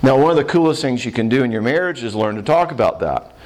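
Animated man giving a marriage seminar. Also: medium pitch, quick pace. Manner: animated, checks in with "all right?". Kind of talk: humorous seminar talk.

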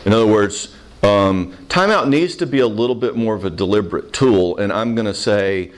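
A man counseling a live audience in a Q&A, plainspoken and animated, acting out short quoted voices. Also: on the low side, moderate pace. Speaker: counselor answering audience questions.

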